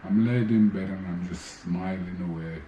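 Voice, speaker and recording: Deep-voiced man telling stories. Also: moderate pace, highs cut off, background noise. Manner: animated storyteller, re-enacting exchanges. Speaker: former boxer telling stories. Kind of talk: casual storytelling. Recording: echoey room with faint ambience.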